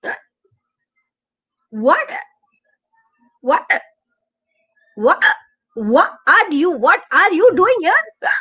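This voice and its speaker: A woman's voice: very high voice, big pitch swings, very slow, long pauses, fairly bright tone, dull audio, pitched above the performer's own voice, heavily acted. A woman doing a stammering little duckling. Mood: startled. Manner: stammering, repeated questions. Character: startled little female duckling, timid.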